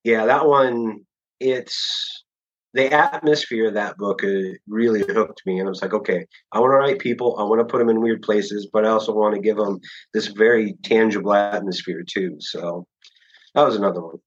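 Man, author guest, lowish voice, rambling casual talk, fillers, dull lo-fi sound. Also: moderate pace. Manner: relaxed, rambling, many fillers and restarts. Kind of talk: casual podcast interview.

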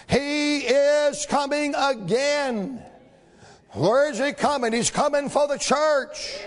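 A man preaching a sermon in a church, rhythmic and building to shouts, acting out the voices in the story. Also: very high-pitched. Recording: long hall reverb.

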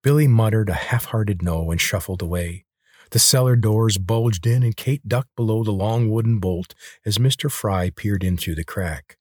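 Narrator: man, low and husky, steady storytelling, dry close mic. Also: moderate pace, no echo. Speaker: audiobook narrator. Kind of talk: scripted narration of a novel.

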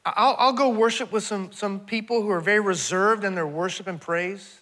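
A male preacher with a strikingly high, bright and forceful voice delivers a sermon to a congregation. He talks animatedly, fires rhetorical questions at the crowd and calls them "y'all." His delivery swings between near-shouted peaks and quiet, calm stretches. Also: normal speed. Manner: animated preaching, rising to near-shouts then dropping low. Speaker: traveling preacher.

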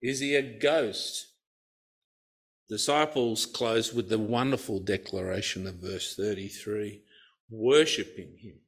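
Man, Bible teacher, slow unhurried delivery, expressive, playful asides. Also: lowish voice, breathy edge. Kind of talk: Bible study talk.

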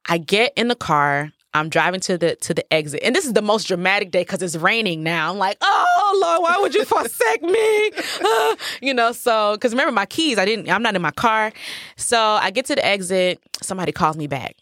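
A woman in her thirties, a professional dancer, telling a story as a guest in a casual interview. She is animated, acts out what people said and laughs often. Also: mid-range voice, brisk, no room sound, clean studio sound.

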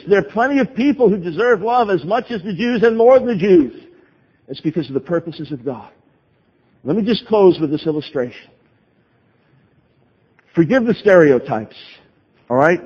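High-voiced man preaching urgently. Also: husky. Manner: urgent, emphatic preaching with dramatic pauses. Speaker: guest preacher. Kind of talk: sermon. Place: large church in Texas. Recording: dull sound with long hall reverb.

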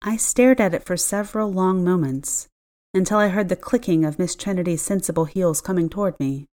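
A woman reading a first-person story aloud in an expressive, wry manner. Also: fairly low pitch, fairly quick. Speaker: narrator. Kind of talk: first-person audiobook narration.

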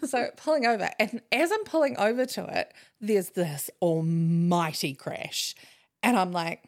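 A young woman, co-hosting a podcast and telling a story in casual, animated chat with plenty of swearing. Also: fairly low pitch, normal speed. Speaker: podcast co-host.

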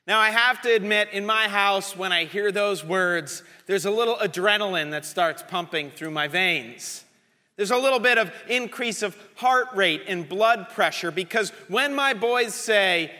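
A man preaching a sermon as pastor, telling a lively story. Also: high-pitched, a little slow. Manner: storytelling, animated. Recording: reverberant church hall.

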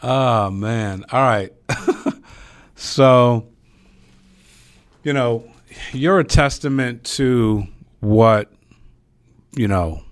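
A man's voice: medium pitch, extremely slow, pauses often, no echo. A man hosting an interview who asks questions in a rambling way and laughs easily. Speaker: host.

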